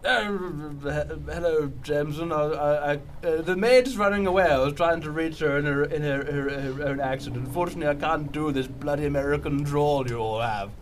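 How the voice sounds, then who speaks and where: A man voicing a boozy, haughty English gentleman, blustering and stammering. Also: a little high, fairly quick, hardly any pauses, a little hiss or hum, natural voice.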